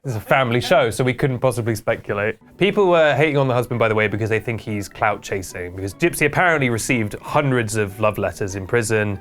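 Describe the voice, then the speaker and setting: A man's voice: medium pitch, fast, few pauses. Wry man hosting a vlog. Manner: wry, deadpan asides. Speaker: host. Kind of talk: comedic internet news vlog.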